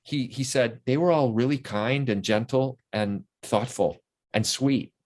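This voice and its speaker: A man's voice: mid-range voice, a little slow, darkish tone. An older man, a guest in a casual interview, telling long, enthusiastic anecdotes full of restarts.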